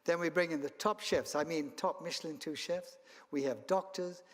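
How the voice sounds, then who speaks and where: A man's voice: fairly high pitch, moderate pace. A man from Kenya and South Africa, a travel company founder, giving a rambling anecdotal keynote at an event. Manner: rambling storyteller with restarts and chuckles. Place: event hall. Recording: long hall reverb.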